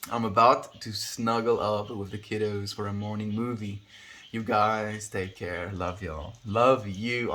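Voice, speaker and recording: Earnest low-voiced man chatting on a stream. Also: slight background noise. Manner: warm and earnest, with a spiritual bent and frequent "my friend". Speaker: livestreamer. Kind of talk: casual live-stream chat, reading out and answering viewer comments.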